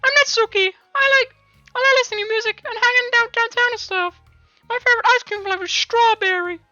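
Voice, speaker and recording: A man voicing a small, snarky, judgmental teenage girl in a very high squeaky voice, with a brash, teasing manner. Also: steady tone, fast talker, sharp tone, highs cut off, faint music behind, full character voice. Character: tiny, snarky, judgy teen girl.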